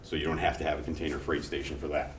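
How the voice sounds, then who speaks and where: A middle-aged man teaching a class in a relaxed, conversational way, mixing personal stories into his explanations. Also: very deep voice, rapid-fire. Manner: conversational, telling anecdotes between explanations. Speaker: instructor. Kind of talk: classroom lecture. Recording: echoey classroom from far off, faint noise.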